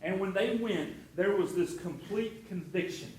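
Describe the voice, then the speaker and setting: A man in middle age delivers a sermon as a pastor, drifting from story to story with casual asides and frequent restarts. His voice sits fairly high for a man, and it rings out through a reverberant church space. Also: unhurried, darkish tone, slight background noise. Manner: storytelling, conversational with many restarts.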